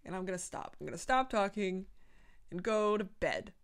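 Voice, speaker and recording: A woman's voice: mid-range voice, animated, moderate pace, smooth. A woman hosting a casual podcast, reading her old fan fiction aloud and breaking off into swearing, mock-outraged asides and laughter at her own writing. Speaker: podcast host.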